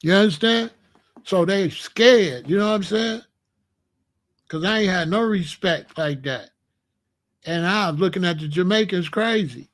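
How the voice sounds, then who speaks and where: A brash man from the United States, talking in a high register. He delivers a boastful, confrontational street-talk rant full of profanity. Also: a little slow, pauses often, a bit bright. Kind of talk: animated profane monologue.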